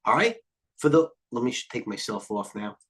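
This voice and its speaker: A man's voice: medium pitch, lively intonation. A middle-aged man hosting live market commentary, rambling and jumping between tangents. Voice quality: occasional cursing, blunt and fast-thinking. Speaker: trading stream host.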